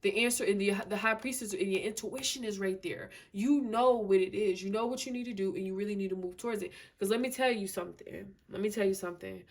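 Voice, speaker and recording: A woman's voice: mid-range voice, fast, hardly any pauses. A woman giving a casual tarot reading to camera, emphatic and slangy, repeating herself and filling with "you know" and "like". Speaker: tarot reader.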